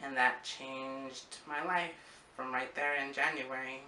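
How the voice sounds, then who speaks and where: A man's voice: medium pitch, fairly even intonation, slow pace, bright, forceful tone, distant mic, a little hiss or hum. A young man from Arizona telling a personal story in a casual, rambling vlog, with many fillers. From Arizona, USA. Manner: rambling, with frequent fillers and acted-out quotes. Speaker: vlogger. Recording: echoey room.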